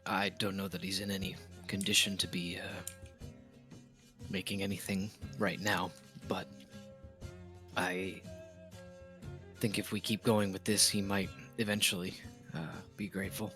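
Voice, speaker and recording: Hesitant low-voiced male player. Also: flat delivery, measured pace, pauses often, sharp tone, soft background music. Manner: hesitant, fumbling with numbers. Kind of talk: tabletop game chat.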